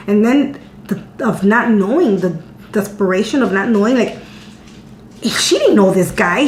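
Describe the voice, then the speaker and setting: Chatty woman in an echoey room. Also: fairly high pitch. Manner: chatty and candid, repeating words as she talks. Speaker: vlogger answering viewer questions. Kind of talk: casual storytelling chat. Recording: echoey room with faint hum.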